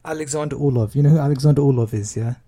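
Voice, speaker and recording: A man's voice: mid-range voice, racing, warm tone. A young man co-hosting a podcast, chatting casually and joking, often laughing between remarks. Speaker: podcast co-host. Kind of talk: casual chat.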